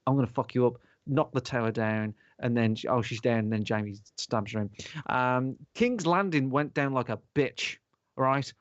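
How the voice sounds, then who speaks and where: Male podcast host, animated and foul-mouthed, middle pitch, muffled dry recording. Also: unhurried, no echo. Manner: animated, sweary, rambling. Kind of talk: casual podcast chat. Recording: dull lo-fi sound.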